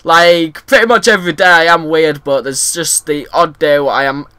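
A young man giving rambling, excitable commentary over his own gameplay and shouting at the game. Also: on the high side, normal speed, smooth. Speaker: gaming video host.

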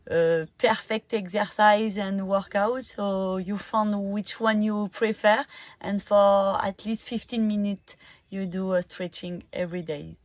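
A woman with a French accent, a native French speaker, giving casual wellness tips in a hesitant, halting way with many fillers and frequent laughs. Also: mid-range voice, no room sound. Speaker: wellness coach. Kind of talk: casual instructional vlog.

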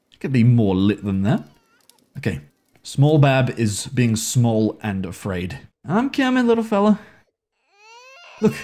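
Medium in pitch and dark in tone, a man hosts a gaming video, giving jittery commentary on a horror game. Frequent swearing fills his talk, his voice shoots up whenever something startles him, and he both encourages and chides the characters.

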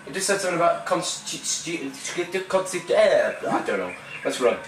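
A young man hosting a let's play, excitable and laughing, whooping and swearing casually as he plays. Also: on the high side, moderate pace, slight background noise. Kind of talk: excited gaming commentary. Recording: roomy, distant mic with game music. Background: game music.

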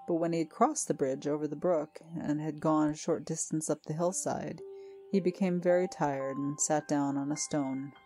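Woman reading a fairy tale, low mellow voice, calm, soft music under. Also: normal speed. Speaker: storyteller. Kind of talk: storybook narration. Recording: faint music behind.

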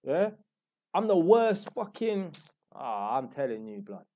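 A man's voice: fairly high pitch, big pitch swings, slow pace, mellow. A young man with a London accent telling a rambling, slangy story in a blunt, casual way. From London, England. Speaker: YouTuber.

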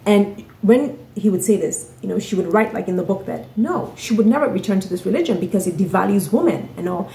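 A woman's voice: medium pitch, animated, fairly quick, vocal fry, hardly any pauses, warm tone. A woman telling a story in a casual vlog, chatty, often asking "right?" and "you know". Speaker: author and vlogger. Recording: roomy echoey room.

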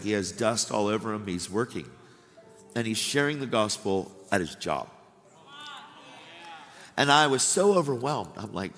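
A man preaching at a revival night, emotional and tearful, laughing between lines as he tells stories. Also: medium pitch. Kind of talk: sermon. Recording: live hall with music behind.

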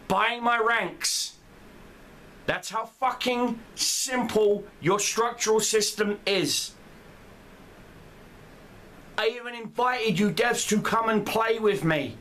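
A man's voice: high-pitched, sharp tone, a little hiss or hum. A man in a furious, profane rant as a gamer, heated and swearing throughout. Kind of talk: angry rant vlog.

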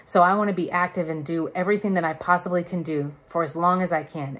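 A woman's voice: on the low side, steady tone, quick pace, fairly bright tone. A woman in her thirties chatting candidly to camera in a casual vlog, laughing now and then. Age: 30s. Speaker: vlogger. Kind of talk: casual chat.

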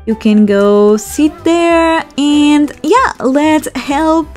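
A woman casually commenting on a life-sim game as she plays, chatting and scolding her characters, with quick bursts of laughter. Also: high voice, darkish tone, faint music behind. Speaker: let's play host.

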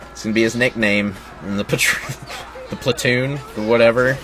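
A man's voice: mid-range voice, steady tone, unhurried, fairly bright tone, a little hiss or hum. A young man hosting a gaming video, giving casual gameplay commentary, laughing constantly and swearing as he rambles jokes. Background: game music and battle sounds.

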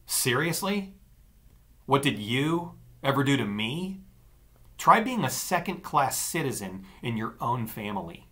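A man's voice: on the high side, very animated, moderate pace, pushed and bright, pitched above the performer's own voice. A man voicing an angry, sarcastic teenage girl arguing with her brother in an audiobook. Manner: sarcastic, cutting. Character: angry scornful teenage girl, the narrator's sister. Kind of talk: audiobook dialogue.

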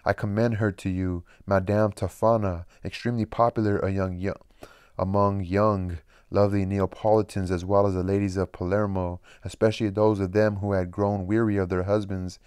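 Fawning demonic herald for an audiobook, sly and confiding, read by a man, deep and dry. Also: level tone, a little mellow, clear, resonant tone, no room sound, close to an everyday voice. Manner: confiding, drawn-out asides. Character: sly fawning male demonic master of ceremonies.

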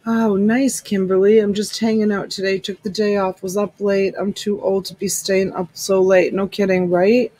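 A woman's voice: mid-range voice, flat delivery, moderate pace, hardly any pauses, dark tone, dry recording, rough recording. A middle-aged woman hosting a live-stream sale in casual chat, greeting viewers by name and calling them honey and sweetheart. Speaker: live-stream reseller host. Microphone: USB desk mic.

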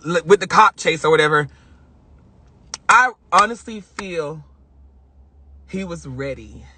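A woman's voice: fairly low pitch, pushed and bright, slightly rough, no echo. A young woman hosting a live stream, telling a personal story in an emotional, rambling way and often repeating herself. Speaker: livestream host.

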